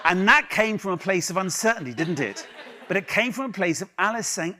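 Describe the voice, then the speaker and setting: A man's voice: sits high, big pitch swings, fairly quick, bright, forceful tone. A man from England leading an improv workshop for a live audience, teasing and bantering with volunteers in a playful manner. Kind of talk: lively workshop talk. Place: conference hall with a live audience.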